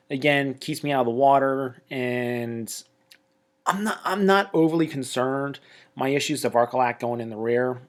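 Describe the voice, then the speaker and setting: A man narrating a tabletop wargame battle report in a casual, chatty way, with excitable jokey asides. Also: medium pitch.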